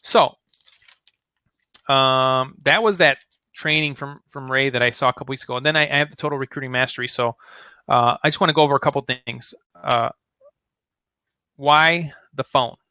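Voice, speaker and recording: A man's voice: medium pitch, moderate pace, long pauses, bright, forceful tone, smooth, dry recording. A man giving a casual sales training talk, chatty and full of fillers, acting out sample phone lines. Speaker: network marketing trainer.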